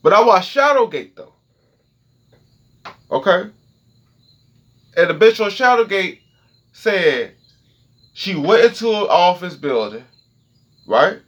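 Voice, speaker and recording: Animated man ranting on his podcast. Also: high-pitched, slow, pauses often, lo-fi sound. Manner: animated, profane, keeps asking "okay?". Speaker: podcast host. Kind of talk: casual solo podcast rant. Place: home recording setup.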